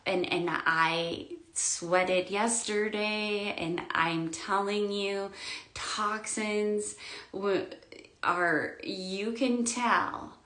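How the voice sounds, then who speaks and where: A woman giving an emotional spiritual monologue, swinging between loud outbursts and quiet murmurs, near tears. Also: medium pitch, steady tone, very slow, echoey room. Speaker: spiritual vlogger.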